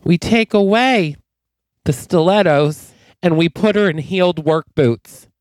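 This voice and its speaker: Brief: a man as a self-important podcaster, halting delivery, dry close sound. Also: high-pitched, a little mellow, dry recording, pitched above the performer's own voice. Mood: excited. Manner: hesitant, halting, with pompous asides. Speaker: podcast co-host. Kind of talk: improvised comedy sketch.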